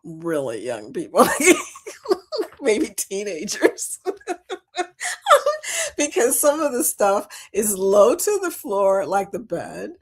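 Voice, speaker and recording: A woman's voice: mid-range voice, slow, pauses often, slightly rough. A middle-aged woman hosting a casual livestream chat, reading viewer comments and telling stories with frequent laughter. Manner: chatty, laughs often, animated storytelling. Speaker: host of a cruise chat livestream.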